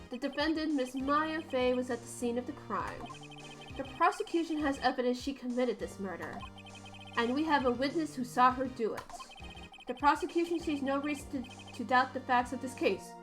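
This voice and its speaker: A composed male prosecutor, put on by a woman, speaks in a lowered, clipped, formal voice. Faint game music plays underneath. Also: animated, normal speed, fairly bright tone. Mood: cool.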